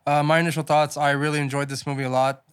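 A man's voice: on the high side, little pitch movement, fast, smooth. Guy chatting about a movie on a podcast, rambly, says like a lot, swears casually. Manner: rambling, heavy use of filler words and casual swearing. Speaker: podcast co-host. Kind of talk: casual movie review chat.

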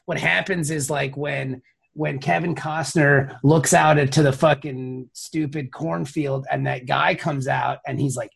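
Man, podcast host, very gravelly, husky voice, swears a lot. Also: a little high, steady tone, a little slow. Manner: profane, emotional storytelling. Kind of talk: casual podcast chat.

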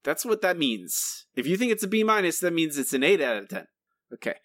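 Brief: lively male podcast co-host, sarcastic and incredulous, dry close mic. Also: on the high side, a little fast, dry recording. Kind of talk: casual chat.

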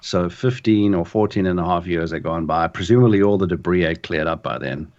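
A man co-hosts a casual podcast chat with a very low voice. He talks in a thoughtful, hesitant way, often restarting his sentences. The sound is a bit dull and lo-fi. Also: a little fast, a little mellow. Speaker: podcast co-host.

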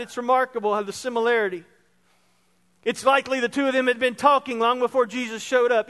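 A man with a strikingly high voice delivers a sermon from the pulpit. He drops to hushed, tender tones and then climbs to ringing emphasis. His words trail off into the long echo of a church hall. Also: a little fast. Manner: expressive preaching that swings between soft and loud. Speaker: pastor. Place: church sanctuary.

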